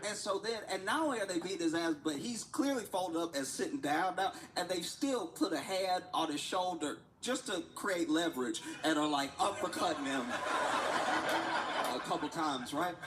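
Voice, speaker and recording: A man's voice: high-pitched, moderate pace, poor audio. A man chatting casually during an art livestream, telling a rambling story and often laughing and repeating himself. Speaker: livestreaming artist. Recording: steady background noise.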